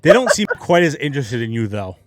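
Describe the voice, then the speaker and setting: A man's voice: mid-range voice, very animated, brisk, no echo. A man narrating a tabletop game as game master, playful and dramatic with some self-mocking asides.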